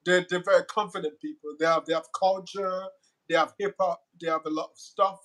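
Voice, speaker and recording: High-voiced man in earnest chat. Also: steady tone, fairly quick, fairly bright tone, low-quality recording. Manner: earnest, repeats words, ends points with "right?". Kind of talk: casual conversation.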